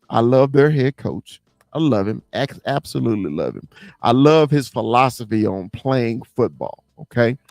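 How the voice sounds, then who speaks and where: A man's voice: medium pitch, gravelly, darkish tone, no echo, clean studio sound. A man hosting a casual sports chat, ranting and swearing in a fired-up way. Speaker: podcast host.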